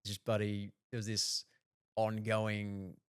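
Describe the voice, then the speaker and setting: A man's voice: lowish voice, completely flat delivery, slow, smooth, dry recording, clean studio sound. An Australian man in his thirties, a TV journalist guest chatting casually on a podcast, rambling with lots of restarts and fillers.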